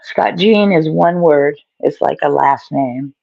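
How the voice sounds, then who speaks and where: A man talks on a video call in a gravelly, fry-laden voice that wanders and trails off. He sounds self-deprecating and casual. The audio is dull and lo-fi, with a dry, close sound. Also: on the high side, slow pace, no room sound. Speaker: guest author.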